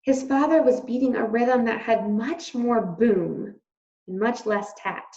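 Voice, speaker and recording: A woman's voice: on the high side, unhurried. Woman teacher reading a story aloud. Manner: expressive storytelling. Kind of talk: reading a children's novel aloud. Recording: roomy, slightly dull recording.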